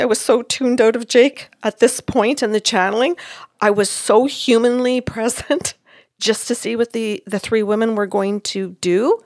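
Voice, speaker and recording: Woman, medium, storytelling, lively quoting of others, dry close sound. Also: on the high side, no echo. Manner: animated, acts out quotes of others. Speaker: psychic medium. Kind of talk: casual storytelling chat.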